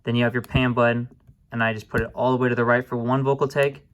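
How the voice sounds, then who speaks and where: A young man casually walking viewers through music production software, relaxed and informal, often calling them guys and apologizing for small slips. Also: medium pitch, fast. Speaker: music production tutorial host. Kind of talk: casual screen-recorded tutorial.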